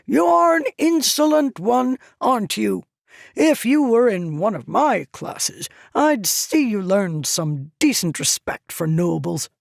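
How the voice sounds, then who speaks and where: A woman doing a touchy, grumbling male scholar of noble rank, pitched above her own voice with an odd, altered tone. He clips his words with a rustic edge and talks slowly. The recording is close and dry. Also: sing-song, a little mellow, no echo. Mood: irritable. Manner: clips 'the' to 't'', a rustic way of speaking. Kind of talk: audiobook character voice.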